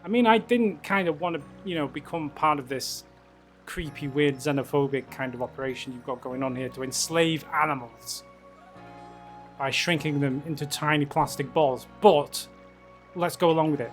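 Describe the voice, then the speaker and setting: A man's voice: on the high side, moderate pace, soft background music. A man casually commenting while playing a game, joking as he goes. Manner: jokey, reads game dialogue in voices. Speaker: streamer.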